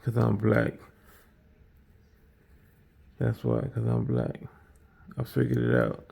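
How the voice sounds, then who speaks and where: A man banters loosely with his viewers while baking in his home kitchen. His voice is thick with gravelly fry and has a dark, mellow tone. He rambles and repeats phrases as he goes. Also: lowish voice, sing-song, slow. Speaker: streamer baking on camera. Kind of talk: casual live-stream chat with viewers.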